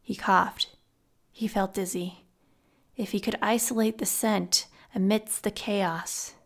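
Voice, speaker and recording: A woman reading a fantasy novel aloud as scripted narration, in a subdued, measured voice. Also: mid-range voice, fairly even intonation, gravelly. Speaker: audiobook narrator.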